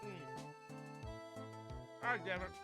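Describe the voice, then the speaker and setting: A woman's voice: medium pitch, fairly even intonation, slow pace, over loud music. A woman streaming a game playthrough, commenting with laughing asides and swearing.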